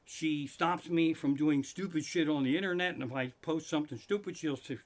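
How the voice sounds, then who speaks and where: A middle-aged man hosting a live stream from his living room, telling a profane comic story that builds into loud, swearing rants. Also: a little high, a little fast, few pauses.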